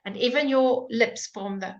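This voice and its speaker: A woman's voice: fairly high pitch, moderate pace, lo-fi sound. A woman teaching English pronunciation in a live online lesson, patiently modelling sounds and encouraging questions.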